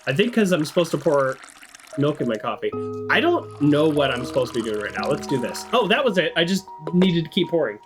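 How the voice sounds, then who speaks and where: A man's voice: fairly high pitch, big pitch swings, brisk. A man giving chatty, amused let's-play commentary, thinking aloud as he plays a story game. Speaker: game streamer. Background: game music.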